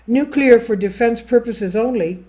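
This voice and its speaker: This political commentary host reads a news piece out loud, interjecting her thoughts, correcting herself, and fumbling foreign names. She has a fairly high, mellow voice and takes her time.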